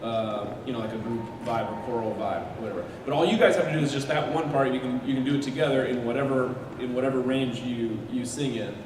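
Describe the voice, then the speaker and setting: A man leading a live audience sing-along at a convention panel, talking in halting, self-correcting bursts full of fillers. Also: medium pitch, fairly even intonation. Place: large convention hall. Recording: echoey hall from far off, noisy.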